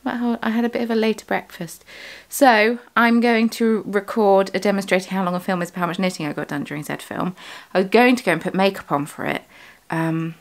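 A woman's voice: mid-range voice, fairly even intonation, fairly quick, hardly any pauses. A British woman, the host of a crafting vlog, chatting casually from her home studio, rambling and correcting herself as she goes. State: has the hiccups. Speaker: yarn dyer and vlogger.

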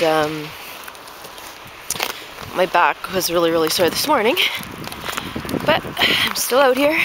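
A woman talking casually to the camera while walking her dog outdoors, a little out of breath and rambling with lots of fillers. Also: on the low side. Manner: rambling, chatty, many fillers. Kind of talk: casual walk-and-talk vlog. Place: outdoors in a neighborhood park. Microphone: handheld camera while walking. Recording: noisy outdoor camera audio. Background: outdoor noise.

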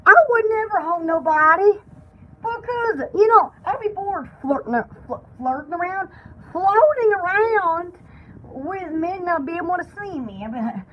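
A woman voices a chattering, pampered female poodle hosting a parody home-shopping show, rambling and squealing in a comic pet voice-over. Her voice is extremely high and a little slow, with the highs cut off, and she sounds excited and easily worked up.

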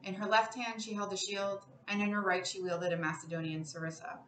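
A woman's voice: medium pitch, recorded from a distance. Woman reading a story aloud. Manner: measured, expressive storytelling. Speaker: classics professor reading aloud. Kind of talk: literary reading. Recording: roomy, a bit off-mic, faint noise.

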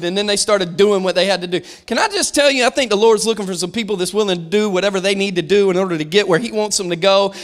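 A man preaching a sermon as pastor, lively and animated, shouting at peaks and dropping to a hush, often restarting phrases and acting out voices. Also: high-pitched.

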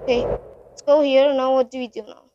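A woman's voice: high voice, little pitch movement, fairly quick, highs cut off, noisy background. A woman narrating her own horror game playthrough, panicky and swearing, talking straight to her viewers. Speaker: gaming channel host.

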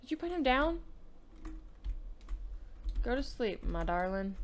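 A woman's voice: on the high side, very animated, slow, long pauses. A young woman giving casual let's play commentary, playfully bossing around the characters in her game. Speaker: gaming YouTuber.

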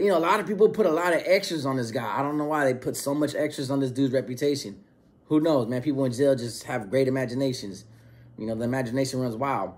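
Slangy man telling a prison story. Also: a little high. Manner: street slang, animated retelling with quoted dialogue. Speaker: storyteller recounting prison experience. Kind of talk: casual storytelling.

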